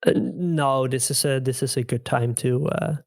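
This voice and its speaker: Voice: medium pitch, fairly even intonation, moderate pace, a little mellow, no echo, clean studio sound. A podcast guest chatting casually about favorite games, rambling with lots of fillers and enthusiasm. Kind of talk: casual chat.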